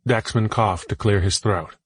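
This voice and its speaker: A man narrating an audiobook in a measured, solemn storytelling voice. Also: fairly low pitch, breathy edge, no echo.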